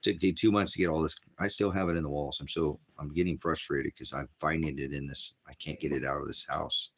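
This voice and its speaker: A man's voice: very deep voice, fairly even intonation, brisk, fairly bright tone, slight background noise. A man with a cough rambling in casual livestream chat from a small cabin, often talking sweetly to his dog. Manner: rambling, talks baby-talk to his dog. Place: small hot cabin, off-grid farm.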